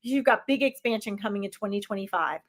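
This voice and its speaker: A woman with a medium-pitched voice gives live psychic medium readings at a fast pace. She speaks directly and emphatically, with frequent fillers and "okay?" check-ins.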